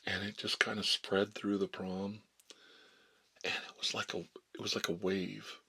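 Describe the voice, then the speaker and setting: Gravelly soft-spoken man in his fifties. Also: little pitch movement, a little slow. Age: 50s. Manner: drifts between soft whispers and low murmurs. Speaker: life coach. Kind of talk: soft-spoken ASMR storytelling.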